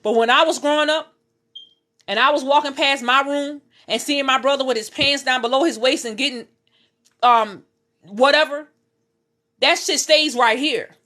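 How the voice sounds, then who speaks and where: A woman's voice: high-pitched, normal speed, pauses often, pushed and bright. A woman, telling her own life story to her viewers in an intense, repetitive way, swearing as she talks from her bed at home. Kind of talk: emotional personal storytelling.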